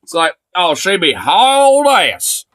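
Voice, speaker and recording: A man doing a deep drawling Southern guy. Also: lively intonation, moderate pace, fairly bright tone.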